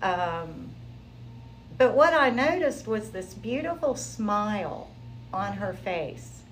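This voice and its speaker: A woman sharing her personal testimony in an interview, telling it in a lively, conversational way. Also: mid-range voice, takes it slowly, a little hiss or hum, rough recording. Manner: animated, conversational storytelling.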